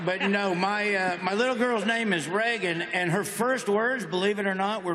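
A man telling folksy, deadpan jokes as a guest in an interview. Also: high voice, moderate pace, noisy background. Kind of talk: joking interview talk. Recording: long reverb of a large hall.

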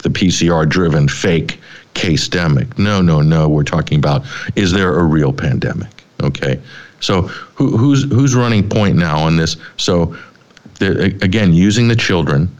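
A man's voice: low-pitched, lo-fi sound. A middle-aged man hosting a talk show, giving rambling, sardonic commentary with frequent restarts. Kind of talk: opinionated commentary.

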